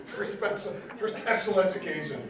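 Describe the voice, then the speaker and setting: A man's voice: high voice, moderate pace. A man co-hosting a comedy panel, reading bad fanfiction aloud with sarcastic asides and hammy voices. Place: convention panel room with audience. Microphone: distant mic in a hall. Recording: echoey hall, far from mic, crowd audible.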